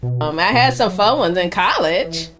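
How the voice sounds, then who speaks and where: A woman answering in a relaxed interview with a playful, slangy manner. Her pitch sits a little low but swings in a lively way. Faint music plays behind her. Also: unhurried. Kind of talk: casual chat.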